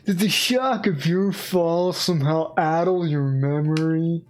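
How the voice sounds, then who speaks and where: A woman's voice: on the low side, unhurried, a little mellow, soft background music, lightly acted. A woman voicing a polite, fussy old man professor with a formal, bluntly morbid way of talking.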